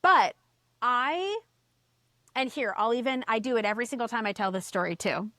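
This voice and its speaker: A woman guest on a podcast, telling a story in casual chat, animated, swearing and acting out the voices she quotes. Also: fairly high pitch, normal speed, no echo, studio quality.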